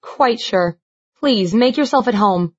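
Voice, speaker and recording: In a slightly muffled audiobook, a woman voices a courteous older innkeeper whose low gravelly voice is roughened by a cold. He talks politely and stumbles a little as he explains himself, with a fairly high voice for the part. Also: lively intonation, measured pace. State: hoarse with a cold.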